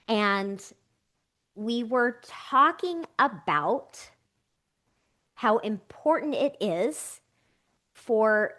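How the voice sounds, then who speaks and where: A middle-aged woman talks straight to her listeners from her home office, coaching them on a solo podcast. Her voice sits a little on the high side. She is earnest and encouraging, and she repeats her key points and checks in with "right?". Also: a bit bright. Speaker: podcast host and life coach.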